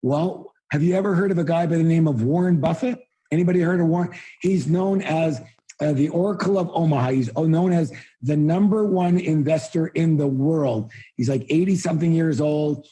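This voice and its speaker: A man giving a live motivational seminar talk, blunt and emphatic, firing rhetorical questions at the audience and often bursting into loud exclamations. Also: on the high side, moderate pace, slightly rough.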